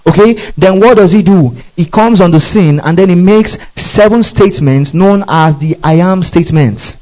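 Emphatic preacher, a man with a higher voice. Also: normal speed, darkish tone, rough recording. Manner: repeats questions to the congregation, emphatic; interjects hallelujah and amen. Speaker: pastor. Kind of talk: sermon.

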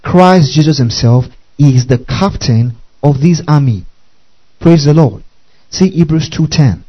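A man's voice: fairly high pitch, animated, unhurried, breathy edge, highs cut off. A man preaching a sermon, spelling out words letter by letter and calling on his listeners to repeat after him. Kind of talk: sermon teaching.

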